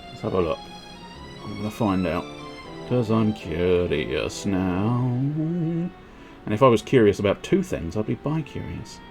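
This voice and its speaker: A man chatting to himself while streaming a video game, in rambling, quiet, self-amused asides. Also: lowish voice, lively intonation, measured pace, vocal fry, soft background music. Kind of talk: casual game commentary.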